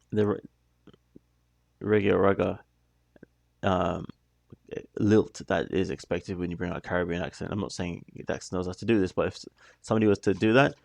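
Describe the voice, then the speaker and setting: Low gravelly guy rambling through a video reaction, stop-start, keeps saying sorry, dry close sound. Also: no echo. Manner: musing, stop-start, apologetic asides. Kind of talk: casual reaction commentary.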